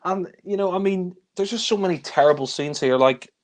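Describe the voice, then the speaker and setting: A man's voice: fairly quick, a little hiss or hum. Exasperated swearing man ranting about films. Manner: exasperated, swears a lot, mimics characters in high shouts. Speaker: film reviewer. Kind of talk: casual film discussion.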